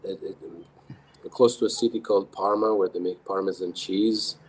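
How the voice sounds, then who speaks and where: A man from Italy with an Italian accent, a guest brewery owner in a casual podcast chat who pauses often with fillers. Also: low-pitched, steady tone, slight background noise, low-quality recording. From Emilia, Italy.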